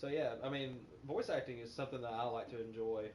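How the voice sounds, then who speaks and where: A man's voice: medium pitch, fast talker, darkish tone. A man as a guest in a casual game chat, hesitant and searching for names. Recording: echoey room with faint noise.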